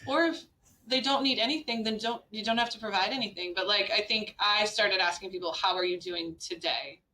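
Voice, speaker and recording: A woman's voice: mid-range voice, brisk, bright, forceful tone, far from the mic, low-quality recording. A woman in her forties speaking frankly as a podcast guest, in a conversational way with frequent "like" and "right?". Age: 40s.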